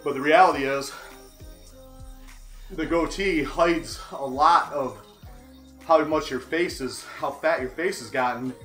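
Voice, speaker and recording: A man in his forties livestreams from an indoor bike trainer, rambling casually in a candid, wry, self-deprecating way. His fairly high, fairly bright voice moves at a measured pace with long pauses, and faint music plays in the background.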